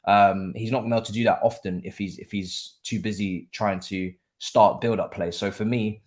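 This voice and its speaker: A man, a guest pundit in casual football chat, animated and repeating phrases with frequent ums. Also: fairly low pitch, moderate pace.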